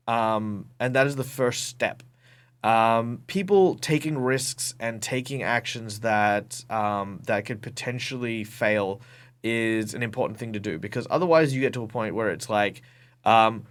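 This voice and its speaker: An Australian man telling game stories with lively energy. He often stops and restarts with ums, and his pitch sits in the middle range for a man. He speaks as a casual interview guest over a video call. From Perth, Western Australia. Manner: animated storyteller, many ums and restarts. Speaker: guest, professional game master.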